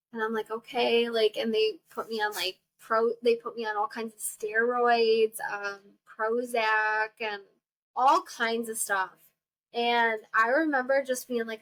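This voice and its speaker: A young woman hosting a podcast, telling a personal story in a chatty, animated way, acting out the people she quotes and laughing often. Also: a little high, moderate pace, low-quality recording. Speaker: podcast host. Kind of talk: casual storytelling monologue.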